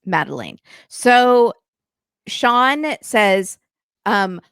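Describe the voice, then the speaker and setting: Lively woman recapping a show. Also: mid-range voice, drawn-out words, clear, resonant tone, no room sound, clean studio sound. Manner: lively storytelling, acts out quotes, swears freely. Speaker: podcast host. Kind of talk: casual recap chat.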